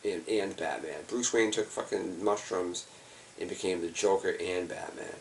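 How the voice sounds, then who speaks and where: Man, exhausted, rambling, profane, deep voice, faint hiss. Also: normal speed, recorded from a distance. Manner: loose, profane, rambling with many fillers. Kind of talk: rambling personal video monologue.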